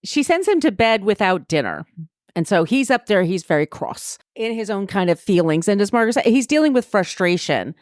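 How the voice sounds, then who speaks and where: A woman's voice: mid-range voice, sing-song, brisk, a little mellow, no echo, clean studio sound. A woman in a casual book discussion, chatty and laughing often as she retells the story.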